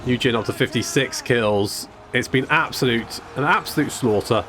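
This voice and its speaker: A man's voice: medium pitch, normal speed, a bit bright, a little hiss or hum. A man casually commentating a strategy game, wry and chatty, swearing now and then and restarting his sentences. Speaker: gameplay commentator. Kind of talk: casual let's-play commentary.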